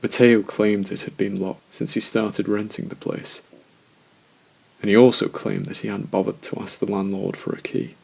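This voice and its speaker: A man narrating a first-person horror story in a slow, measured, scripted way. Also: lowish voice, level tone, creaky, darkish tone, breathy edge.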